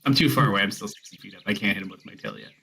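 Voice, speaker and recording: A man's voice: on the low side, huge pitch swings, very fast, creaky, pushed and bright, slightly rough. A man running a tabletop role-playing session as dungeon master, narrating in a loose, rambling way with fillers.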